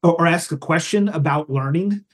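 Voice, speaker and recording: A man with a fairly high voice, speaking as a guest on a podcast. He talks in a casual, thoughtful way and builds his points through examples and stories from friends. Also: normal speed. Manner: thoughtful, explains with examples and anecdotes. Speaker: guest storyteller.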